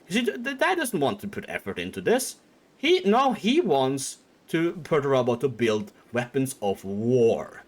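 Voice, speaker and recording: A man's voice: mid-range voice, huge pitch swings, moderate pace, hardly any pauses. A young man streaming, retelling a story in a rambling, comedic way with lots of filler words and swearing.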